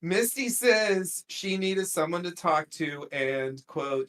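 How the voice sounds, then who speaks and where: A podcast host talks through a TV episode at an unhurried, drawn-out pace, circling back with fillers and side comments. The delivery is loose and conversational, a casual recap among friends. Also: mid-range voice, lively intonation, a bit bright. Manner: rambling, many fillers and trailing asides.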